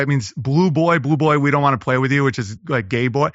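A man, a comedian, talking casually as a podcast guest, rambling and riffing with quick impressions. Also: medium pitch, a bit bright, no room sound, lo-fi sound. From Los Angeles.

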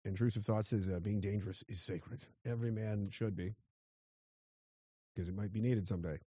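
A man's voice: on the low side, fairly even intonation, moderate pace, mellow, husky, dry recording, highs cut off. A man from western Canada, ranting sardonically and profanely while reading chat on a livestream. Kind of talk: rambling livestream rant.

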